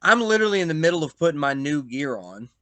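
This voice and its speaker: Guy telling a wild backstage story, bright punchy voice, swears a lot, dry close mic. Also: fairly high pitch, quick pace, no room sound. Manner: animated, swearing, acts out quotes in loud bursts. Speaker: pro wrestler, podcast guest. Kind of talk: casual storytelling chat.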